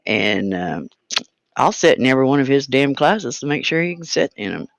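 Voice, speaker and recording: Middle-aged dad, blunt and firm, cusses, lively pitch, dry close mic. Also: male voice, normal speed, gravelly, dry recording. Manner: blunt, firm, swearing, quotes his own stern words. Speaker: co-host, parent of the other host. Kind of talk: casual chat, storytelling.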